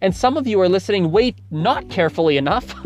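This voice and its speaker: A man's voice: sits high, expressive, fast, lo-fi sound, faint music behind. A man hosting a language-learning podcast, explaining casually and correcting himself as he goes. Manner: chatty, explains with self-corrections and examples. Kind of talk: casual spoken lesson.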